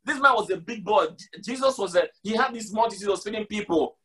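High-voiced man preaching emphatically. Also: brisk, a bit bright, breathy edge, soft background music. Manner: emphatic, repeats lines for stress; casual slang mixed with scripture. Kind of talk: sermon.

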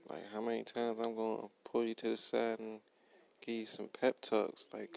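A young man rants bluntly about his workday in a low, gravelly voice. His pitch barely moves, so the swearing comes out flat and steady. He keeps repeating himself and quoting his own comebacks. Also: moderate pace, low-quality recording. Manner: blunt, profane, repetitive, quotes himself. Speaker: worker ranting about his job. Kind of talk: profane casual rant.

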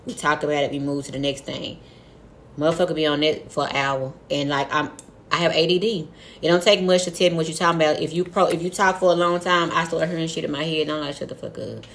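Young woman, low voice, blunt and profane, animated candid talk. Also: fast, a little hiss or hum. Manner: frank, profane, animated storytelling with acted-out quotes. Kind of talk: casual candid chat.

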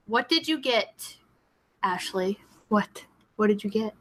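A woman's voice: medium pitch, lively intonation, slow pace, low-quality recording. A woman co-hosting a talk show in casual chat, drawing out her words with gasps and giggles. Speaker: podcast co-host.

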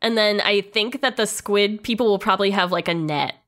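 A woman's voice: mid-range voice, a little fast, fairly bright tone. A woman co-hosting a podcast in casual chat, laughing often and steering the discussion. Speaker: podcast co-host.

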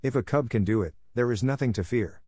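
A man's voice: medium pitch, fairly quick, darkish tone, slightly rough, no room sound, clean studio sound, close to an everyday voice. A man reading aloud, voicing a bold, defiant boy raised by wolves. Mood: eager. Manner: bold, eager. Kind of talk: audiobook reading.

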